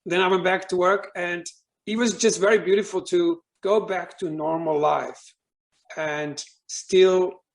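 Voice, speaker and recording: Guest speaker, male, gravelly, rambling personal story talk. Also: high-pitched, steady tone, unhurried. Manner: rambling, with many fillers and restarts.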